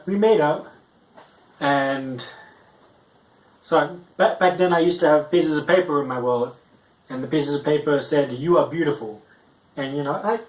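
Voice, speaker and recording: A young man doing a stand-up story, rambling and halting, with frequent restarts and fillers. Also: fairly high pitch, echoey room, low-quality recording. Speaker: stand-up comic.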